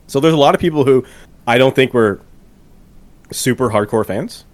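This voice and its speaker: A man's voice: medium pitch, moderate pace. A man co-hosting a casual sports and music podcast, chatty and prone to emphatic rants. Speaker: podcast co-host. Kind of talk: casual chat.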